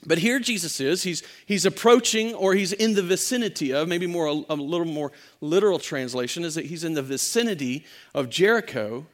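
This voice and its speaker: A man's voice: a little high, a little fast, few pauses. A male pastor preaching a sermon, telling a story with energy, acting out quotes and often restarting his sentences. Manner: animated storytelling, acts out quotes, frequent restarts.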